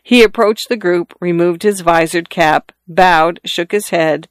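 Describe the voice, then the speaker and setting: A narrator reading a classic story aloud in a measured, even manner. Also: mid-range voice, no room sound.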